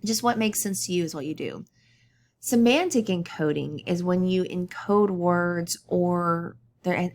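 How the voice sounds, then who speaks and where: A woman's voice: on the low side, creaky, a little hiss or hum. A woman teacher giving a conversational recorded lecture over slides, often checking in with "okay?".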